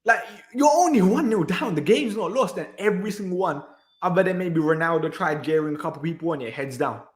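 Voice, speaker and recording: His voice sits high, sounds animated, and runs a little fast. He hosts a football reaction channel and delivers an exasperated rant about the match, sighing and repeating phrases, in an echoey room.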